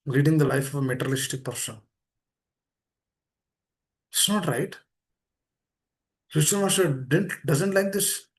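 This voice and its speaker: A man giving a devotional talk to devotees, earnest and pleading, repeating phrases as his voice swings between soft and emphatic. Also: fairly high pitch, animated, a little slow, long pauses. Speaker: speaker at a temple meeting. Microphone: online meeting room.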